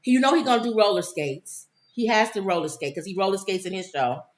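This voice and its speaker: A woman's voice: mid-range voice, fairly quick. A woman co-hosting a casual chat show, talking in a chatty way and reading news items aloud. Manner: chatty, reads news aloud, acts out quotes. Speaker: co-host. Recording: roomy echo.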